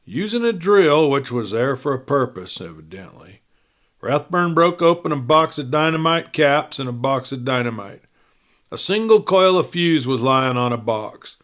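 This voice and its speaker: Male storyteller for a cowboy audiobook, even, measured narration. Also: mid-range voice. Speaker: storyteller reading a western novel. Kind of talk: audiobook-style reading aloud.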